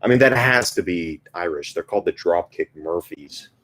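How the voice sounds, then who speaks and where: A man with a very low voice talks loosely to his stream audience between requests. He rambles, fills gaps with "um" and "like," and pokes fun at himself. Guitar music rings out clearly behind him. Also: expressive, moderate pace, a bit bright. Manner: rambling and self-deprecating, with many fillers. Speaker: guitarist hosting a live stream. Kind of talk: casual live-stream chat between songs. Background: guitar playing.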